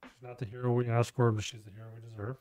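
A man's voice: medium pitch, level tone, racing, warm tone, no echo. A young man co-hosting a podcast in casual chat, blunt and rambling, swearing offhandedly. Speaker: podcast co-host.

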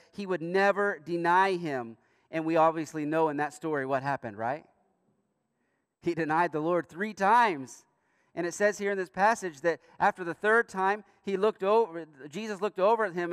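A man preaching a sermon as pastor in a church, earnest, with emphatic rising bursts and quiet asides. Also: fairly high pitch, clear, resonant tone, no room sound, studio quality, in a large hall. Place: church sanctuary.

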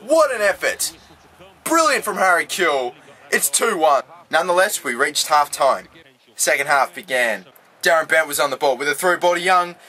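An Australian man commentating his own football video game match, swinging from calm play-by-play to loud, swearing outbursts. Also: on the high side, moderate pace, husky. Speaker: gaming YouTuber.

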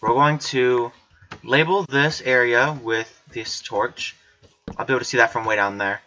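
A woman's voice: rumbling low, steady tone, measured pace, bright, forceful tone. A woman doing let's play commentary, chatty with herself and screaming and swearing whenever she gets startled. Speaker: gamer. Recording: slightly dull lo-fi recording.

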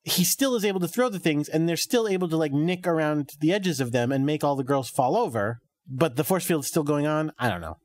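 A man's voice: fairly high pitch, lively intonation, fairly quick, darkish tone, no room sound. A man co-hosting a podcast, talking in a sardonic, loose way and laughing often. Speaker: podcast co-host. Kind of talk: casual chat.

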